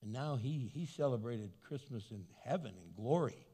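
A man preaching a sermon as pastor, animated and acting out the voices of people he quotes. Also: mid-range voice, normal speed, slightly rough. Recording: long hall reverb.

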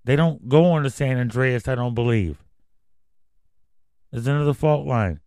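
A man's voice: medium pitch, moderate pace, darkish tone, dry recording. A man hosting a casual news commentary podcast, reading headlines and then going off on profane, rambling rants. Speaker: podcast host.

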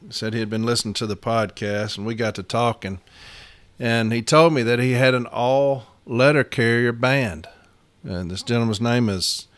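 A middle-aged man hosts a podcast in casual, rambling talk. He is folksy, laughs often and gets heated. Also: mid-range voice. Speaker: podcast host.

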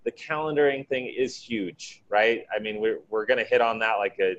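A man's voice: on the low side, moderate pace, fairly bright tone, muffled recording, a little hiss or hum. A man chatting casually on a podcast panel, repeating words and tossing in "right" and "I mean". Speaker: panel guest.

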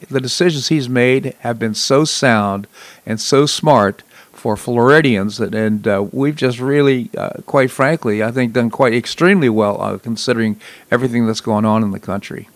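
A man's voice: mid-range voice, no room sound. A man hosting an internet talk show, speaking with enthusiasm and frequent restarts. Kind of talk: casual political talk. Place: Florida.

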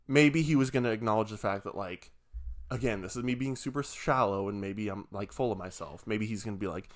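A young man, a podcast co-host, telling a long story in a hushed, drawn-out way and swearing freely. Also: lowish voice. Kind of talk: casual storytelling.

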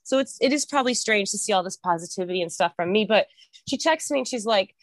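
A woman's voice: mid-range voice, expressive, fast talker, no echo. A young woman chatting casually as a podcast guest, talkative and laughing often, with frequent swearing.

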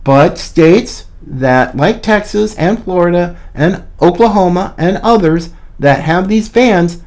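A man's voice: high-pitched, slow pace, hardly any pauses, a little mellow. A man hosting a podcast, giving a combative, mocking opinion monologue. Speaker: podcast host.

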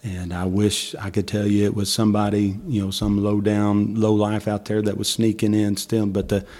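A husky man telling folksy church stories, laughing often. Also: on the low side, monotone, moderate pace, mellow. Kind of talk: casual storytelling.

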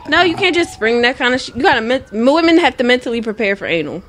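A woman with a somewhat high voice co-hosts a casual podcast, speaking frankly and laughing often. She tells stories and pushes back on the other guests. A faint hiss sits under the recording. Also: sing-song, fast talker, few pauses, fairly bright tone. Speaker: podcast co-host. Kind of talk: casual chat.

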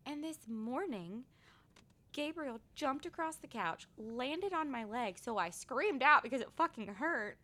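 A woman's voice: sits high, a little slow. A woman in her thirties co-hosting a casual podcast, telling stories animatedly about her kids. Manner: animated storytelling, acts out her kids' voices. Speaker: podcast co-host. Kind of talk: casual chat.

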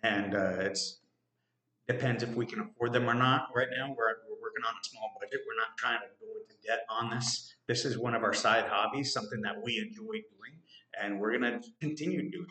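Male co-host, casual rambling joker, average pitch, roomy echo. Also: brisk, bright, forceful tone. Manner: rambling, joking, many fillers and restarts. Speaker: podcast co-host. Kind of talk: casual podcast chat.

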